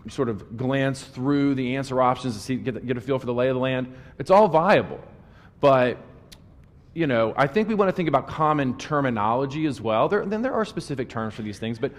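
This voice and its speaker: A man in his forties, originally from West Virginia, lectures as a test-taking coach. He tells stories with lively acted quotes, and his mid-pitched voice carries a long hall reverb. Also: a little fast. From West Virginia, USA. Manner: animated storyteller, voices quotes. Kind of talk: lecture with anecdotes.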